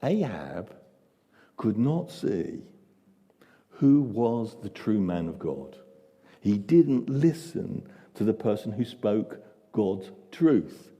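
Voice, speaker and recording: A man's voice: fairly low pitch, sing-song, slow, mellow, breathy edge, big-room sound. A male pastor preaching a sermon with dramatic storytelling and dry humor, in a church.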